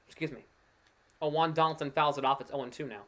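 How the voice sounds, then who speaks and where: A man's voice: fairly high pitch, quick pace. Chatty man calling baseball play-by-play. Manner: chatty, excitable over big plays, with filler asides. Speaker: play-by-play streamer. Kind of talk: casual live play-by-play commentary.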